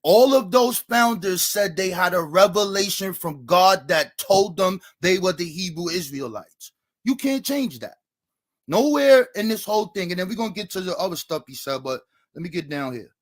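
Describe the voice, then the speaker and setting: A man with a somewhat high voice argues his case in a debate. He reads quotations from books in a steady, argumentative way to support his points. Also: moderate pace.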